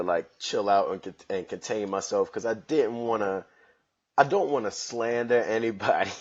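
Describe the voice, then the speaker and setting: Recorded with dull audio, a man whose voice sits on the low side clowns around on his home comedy podcast. His solo monologue is casual and full of loose street slang.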